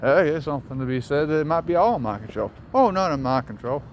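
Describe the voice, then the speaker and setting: A man's voice: fairly high pitch, animated, fast. Rambling Southern man walking outdoors. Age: young adult. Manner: rambling, reflective, swears casually. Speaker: vlogger. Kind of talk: casual walking vlog monologue. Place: outdoors on city streets, passing traffic. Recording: faint street and traffic noise.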